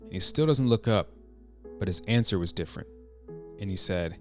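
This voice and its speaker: A man hosting a podcast, telling a personal story in an earnest, reflective way, halting and restarting his sentences. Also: low voice, lively intonation, soft background music. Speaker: podcast host.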